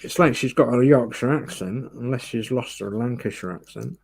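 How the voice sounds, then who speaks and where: A man's voice: mid-range voice, normal speed, creaky, slightly rough. A man hosting a model-building livestream, chatting casually and muttering to himself as he works. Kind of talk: casual chat while building.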